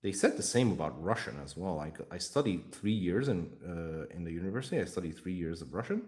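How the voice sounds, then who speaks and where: Casual streamer, male, deep voice, lively pitch swings, jokey and foul-mouthed. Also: brisk. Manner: rambling, swears freely, jokey. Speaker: streamer painting miniatures. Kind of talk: casual live-stream chat.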